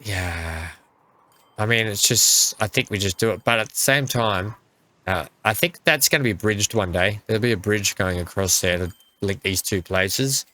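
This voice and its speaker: A man's voice: on the low side, moderate pace, bright, forceful tone. A man hosting a game playthrough, chatting casually and talking to the vehicles on screen. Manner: chatty, talks to the game's vehicles. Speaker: gaming channel host. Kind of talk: let's play commentary.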